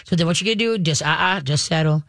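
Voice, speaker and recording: A woman veterinarian hosting a radio advice show, chatting loosely with plenty of "you know" and "okay". She jumps into quick little voices to act out excited owners. The sound is dry and close, with no room around it. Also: lowish voice, no room sound. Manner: animated, acts out dog owners in quick voices. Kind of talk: casual advice talk.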